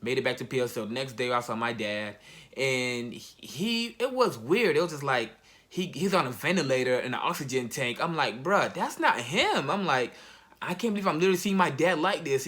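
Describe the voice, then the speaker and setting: Young man, college athlete, personal storytelling, casual slang, halting, tense bright tone. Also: medium pitch. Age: young adult.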